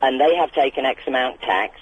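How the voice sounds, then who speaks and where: A man from Britain calling in to a radio show, telling his story with indignant, animated energy. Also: mid-range voice, a little fast, slight background noise. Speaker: caller. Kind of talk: phone-in chat. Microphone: telephone. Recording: lo-fi phone line.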